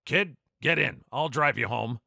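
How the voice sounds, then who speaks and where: A man voicing a balding older man who shouts down bullies in a commanding way. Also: mid-range voice, a little slow, vocal fry, dry recording, studio quality, voice pushed up, exaggerated voice. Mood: firm.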